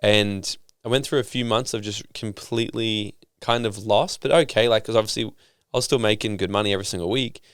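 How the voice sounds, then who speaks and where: A young man, a podcast guest telling stories in a casual, animated way and swearing freely. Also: fairly low pitch, fairly quick, clean tone, dry recording, studio quality. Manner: animated storytelling, swearing casually, acting out quoted people.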